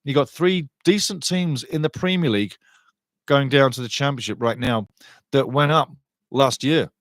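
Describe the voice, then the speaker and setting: A middle-aged man hosting a live match watchalong, commentating on play and chatting with viewers in a lively, excitable way. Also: moderate pace, no echo, studio quality. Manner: excitable, chatty, rises in pitch and volume on attacking play. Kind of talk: live fan commentary with chat reading.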